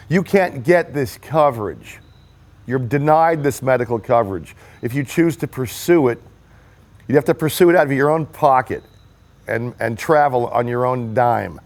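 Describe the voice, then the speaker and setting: A man's voice: mid-range voice, moderate pace. A man telling a personal story in an earnest, emphatic way, speaking as a political rally supporter giving a testimonial. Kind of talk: personal story told to the camera.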